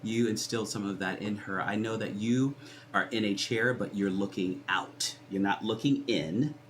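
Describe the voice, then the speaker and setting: A man in a casual group conversation, an animated storyteller who acts out other people's lines. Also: normal speed, a little hiss or hum. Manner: animated storyteller, jumps high when acting out others.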